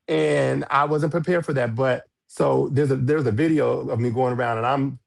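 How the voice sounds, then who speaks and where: A man telling a story as a podcast guest, frank and animated, with cursing and sudden high jumps in pitch when he quotes people. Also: normal speed, creaky. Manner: frank, swears freely. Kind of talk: storytelling in a casual interview.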